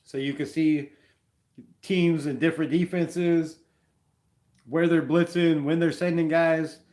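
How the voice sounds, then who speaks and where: A man hosting a casual live sports talk stream, rambling and animated, peppering his talk with slang. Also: a little high, slow pace. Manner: rambling, animated, says "bro" a lot. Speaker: fan show host.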